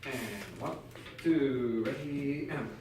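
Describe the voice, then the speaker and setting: A man's voice: medium pitch, slow. Man coaching a brass ensemble. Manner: encouraging, direct, counts players in. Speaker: band clinician coaching a student brass ensemble. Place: band room. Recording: echoey room, mic far off, faint noise.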